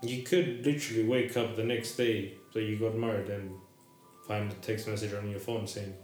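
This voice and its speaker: A man's voice: fairly low pitch, fairly even intonation, normal speed, a little mellow. A man in a casual chat, speaking thoughtfully with hesitations and restarts. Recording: echoey room with music behind.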